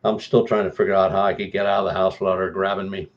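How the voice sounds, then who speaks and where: A man telling a story as a guest, with an animated delivery that jumps higher for emphasis. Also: fast talker, muffled recording. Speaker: guest paranormal investigator. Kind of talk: casual storytelling.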